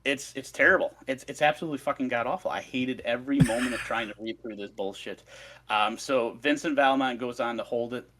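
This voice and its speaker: A man's voice: medium pitch, a little fast, a bit bright, slight background noise. A man on a podcast, recounting a story in a swearing, ranting casual chat. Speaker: podcast co-host presenting research.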